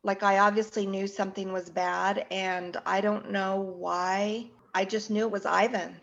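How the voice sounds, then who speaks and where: A woman in her forties slowly recounting a painful family loss, halting and restarting as she speaks. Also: mid-range voice, little pitch movement, vocal fry, dull audio. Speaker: guest recounting her son's death. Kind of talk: emotional personal account.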